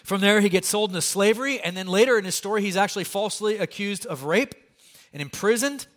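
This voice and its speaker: A man preaching a sermon as pastor, conversational and animated, with humorous asides to the congregation. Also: high voice, quick pace.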